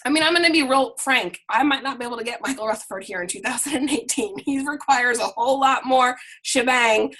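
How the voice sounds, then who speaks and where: A woman's voice: high voice, fairly quick, few pauses, fairly bright tone. A woman leading a team video call, talking in a frank, playful, chatty way. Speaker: team leader. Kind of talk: casual video call talk.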